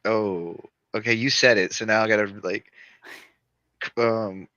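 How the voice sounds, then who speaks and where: Southern guy w a stutter, bright lively voice, kinda lo-fi mic. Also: fairly low pitch, unhurried, no echo. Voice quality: stutters on some words. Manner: animated, swears freely. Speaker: co-host of live stream. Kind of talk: casual live-stream chat.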